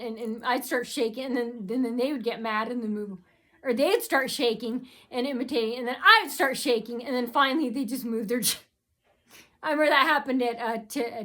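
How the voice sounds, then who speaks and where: Rambling woman with a high voice. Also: pushed and bright. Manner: rambling and repetitive, complaining. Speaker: vlogger. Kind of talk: rambling personal vlog.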